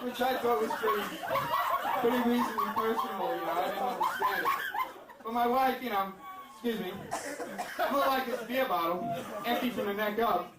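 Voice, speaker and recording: A man's voice: very high-pitched, moderate pace, long pauses, very noisy. A male stand-up comedian rambling through a crude, self-deprecating set with lots of fillers. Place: comedy club stage with a laughing crowd. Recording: echoey club, distant mic, loud crowd laughter.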